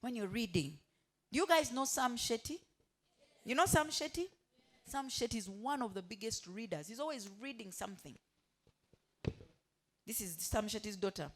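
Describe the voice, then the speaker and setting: A woman's voice: fairly high pitch, expressive, moderate pace, long pauses. A woman giving a motivational talk to hotel staff. She keeps asking the room questions and has them finish her sentences. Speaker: motivational speaker.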